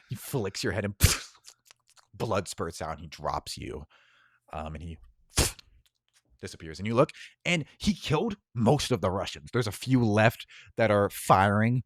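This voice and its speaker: Low-voiced man running a tabletop game. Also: lively intonation, unhurried, long pauses, no room sound, studio quality. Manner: casual, with many filler ums. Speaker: game master.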